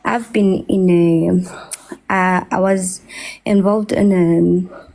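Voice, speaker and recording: Woman caller, low and mellow, calm and measured. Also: gravelly. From South Africa.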